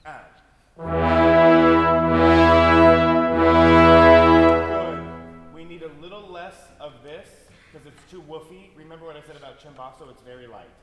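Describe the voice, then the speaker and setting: A man's voice: a little high, fast talker, few pauses, dull audio, soft background music. Man conducting in an echoey hall. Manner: coaching, sings phrases in syllables, tag questions. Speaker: orchestra conductor. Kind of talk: rehearsal instruction. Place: large concert hall.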